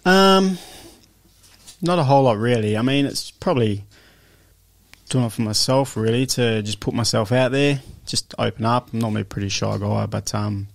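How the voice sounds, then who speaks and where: A man's voice: medium pitch, moderate pace, vocal fry, no room sound. An Australian man in his thirties, a guest boxer talking openly and emotionally in a casual interview, laughing often. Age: 30s.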